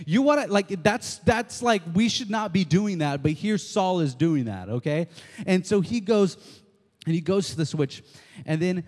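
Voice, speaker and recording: A man preaching a casual, excitable sermon, often checking in with his listeners. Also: high voice, normal speed, in a large hall. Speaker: pastor. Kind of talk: conversational sermon.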